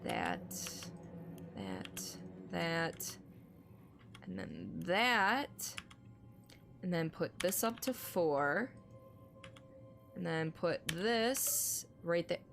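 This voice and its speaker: A woman's voice: fairly low pitch, sing-song, drawn-out words, creaky, pauses often, fairly bright tone, soft background music. A woman streamer chatting casually with her viewers and commenting on gameplay clips, swearing freely and laughing at herself.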